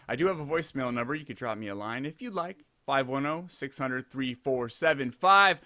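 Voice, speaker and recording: A man's voice: medium pitch, expressive, fairly quick, hardly any pauses, pushed and bright. A man from the United States hosting a casual podcast over a video call, rambling and joking about himself. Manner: rambling, self-deprecating, jokey. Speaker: podcast host.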